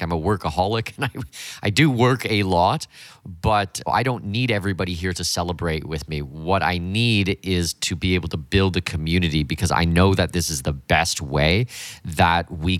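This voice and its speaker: A man in his forties hosting a solo podcast, talking with blunt enthusiasm in a voice gone hoarse from a week of speeches. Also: low-pitched, a bit bright, no room sound, clean studio sound. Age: 40s. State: hoarse, half lost voice. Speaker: podcast host.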